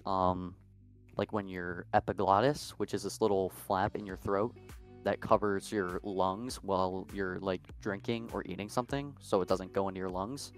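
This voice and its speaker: A man's voice: sits low, clear, resonant tone. A young man co-hosting a podcast, telling a long story in a casual, rambling way full of fillers. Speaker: podcast co-host.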